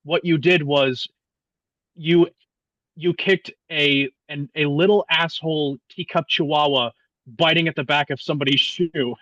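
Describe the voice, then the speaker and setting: A man in his twenties, a podcast guest talking politics in a casual, profane, animated way with many restarts. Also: a little high, a little slow, no echo, muffled recording. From United States. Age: 20s.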